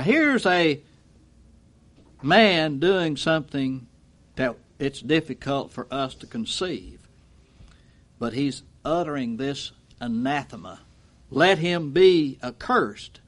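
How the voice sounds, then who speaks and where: Male preacher, folksy sermon delivery, slightly high voice, voices the quotes he reads. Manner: folksy, acts out quotes, swings from loud to low. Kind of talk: expository sermon.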